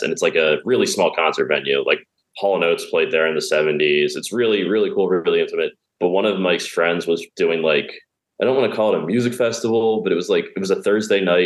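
A man telling comedy stories in a casual chat, often laughing as he talks. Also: deep voice. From Pennsylvania. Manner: laughs through his stories. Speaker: stand-up comedian guest.

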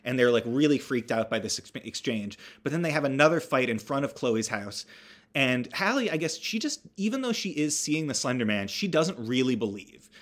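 A man's voice: medium pitch, sing-song, moderate pace. A man casually recapping a horror movie, rambling with wry asides and self-corrections.

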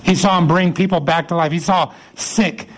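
A man preaching a sermon, retelling scripture as a lively story and acting out the voices of the people in it. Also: a little high, moderate pace, poor audio. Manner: animated storytelling, acts out quoted voices. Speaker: pastor.

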